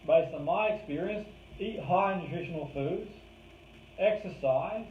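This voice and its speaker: Distant, roomy male course trainer. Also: fairly high pitch. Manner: conversational, stresses words to make points. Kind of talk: live course lecture. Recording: roomy, distant, phone-like lo-fi with faint hiss.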